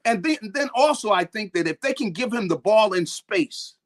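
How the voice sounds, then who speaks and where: A man's voice: sits high, lively intonation, normal speed. A man talking football as a guest on a sports show, in a rambling way with lots of repeated words and restarts. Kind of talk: sports talk interview.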